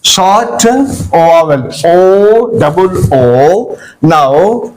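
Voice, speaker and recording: Slow, high-voiced teacher. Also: male voice, expressive, darkish tone, poor audio. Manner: slow and deliberate, spells out letters and repeats words; frequent "uh" and "okay, dear". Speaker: English teacher. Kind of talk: pronunciation lesson.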